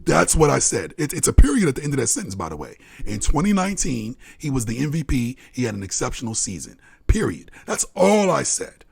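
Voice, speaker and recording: A man's voice: mid-range voice, wildly swooping pitch, fairly quick, vocal fry, few pauses, darkish tone, breathy edge. A man co-hosting a live sports podcast, arguing heatedly in casual talk, swearing, laughing and repeating himself as he presses his point. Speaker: podcast co-host.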